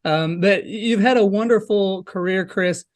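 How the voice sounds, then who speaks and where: A male podcast host with a notably high voice speaks over a call. He is friendly and frames his questions at length. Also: measured pace. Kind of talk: podcast interview conversation. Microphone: remote call.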